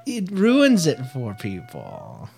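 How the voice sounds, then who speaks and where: Low-pitched mom chatting with her kid about a cartoon, lots of uhs and restarts, laughs a bunch. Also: huge pitch swings. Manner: chatty, halting with fillers and restarts, laughs often. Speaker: parent co-hosting a show with her child. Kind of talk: casual chat reviewing a cartoon.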